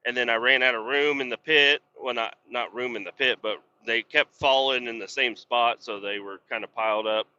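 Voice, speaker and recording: A man's voice: medium pitch, steady tone, normal speed, hardly any pauses, pushed and bright, smooth. A man telling rambling, blunt stories full of swearing, ranting with exasperation as he drives a truck. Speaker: podcast host and truck driver. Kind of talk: rambling casual storytelling. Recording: dull lo-fi sound.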